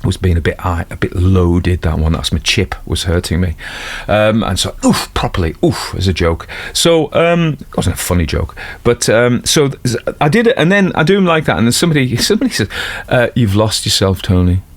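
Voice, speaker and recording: A man's voice: lowish voice, animated, brisk, hardly any pauses. A man with a Geordie accent, an audiobook narrator talking casually about a detective series in a rambling, self-deprecating way with many fillers and asides. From North East England. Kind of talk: casual spoken commentary.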